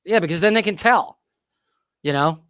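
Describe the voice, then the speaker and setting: A man's voice: high voice, normal speed, pushed and bright, clean tone, dry recording, studio quality. Upbeat male talk show host. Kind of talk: casual chat.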